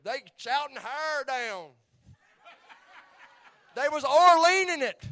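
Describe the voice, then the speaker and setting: A middle-aged man, preaching a testimony, swinging between hushed tones and shouts and repeating his phrases. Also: very high voice, expressive, slow. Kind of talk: sermon storytelling.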